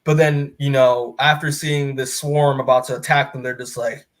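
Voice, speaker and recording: A man co-hosting a comic book podcast, giving a casual recap that rambles with fillers, restarts and quick quoted lines from the scenes. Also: mid-range voice, little pitch movement. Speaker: podcast co-host.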